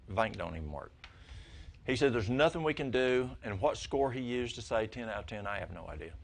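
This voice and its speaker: An older man telling folksy stories to a church congregation, his voice jumping high when excited. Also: vocal fry. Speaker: lay speaker at church. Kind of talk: storytelling talk to a congregation.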